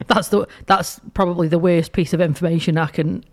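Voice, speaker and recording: A woman's voice: lowish voice, fairly even intonation, moderate pace. A tired woman, co-hosting a radio show in casual, self-mocking banter. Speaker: radio co-host. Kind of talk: casual on-air chat.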